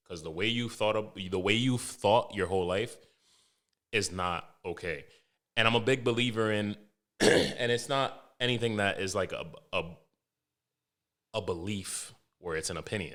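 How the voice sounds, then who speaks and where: A young man hosting a podcast, telling stories in a loose, animated way, swearing heavily and restarting his sentences. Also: low voice. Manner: animated storytelling, heavy swearing, frequent restarts. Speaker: podcast host. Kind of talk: casual podcast monologue.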